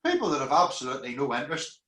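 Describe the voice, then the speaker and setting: A man with a Northern Irish accent hosting a casual interview over a video call, chatty and quick to laugh. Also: medium pitch, huge pitch swings, pushed and bright. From Northern Ireland. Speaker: interviewer host. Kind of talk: casual online interview chat. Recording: echoey room.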